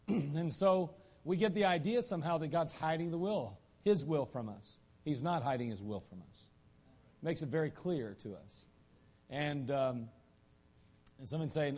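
A man preaching a sermon as pastor, folksy, with joking asides and frequent throat clearing. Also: a little high, lively intonation, normal speed, a little mellow.

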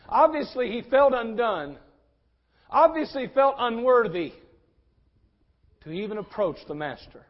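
A male pastor preaching an impassioned sermon in a church, swinging between loud and soft. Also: high-pitched, expressive, moderate pace, long pauses, muffled recording.

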